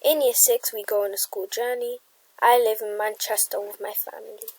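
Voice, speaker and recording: A woman explaining grammar worksheet questions, halting and correcting herself, sometimes dropping to a soft whisper. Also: on the high side, level tone, no echo, poor audio. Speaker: grammar tutor.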